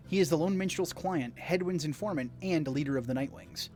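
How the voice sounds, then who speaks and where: A man's voice: a little high, a little fast, a little mellow, soft background music. A man streaming a video game, reading its text aloud and chatting casually with rambling asides to viewers. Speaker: gaming streamer.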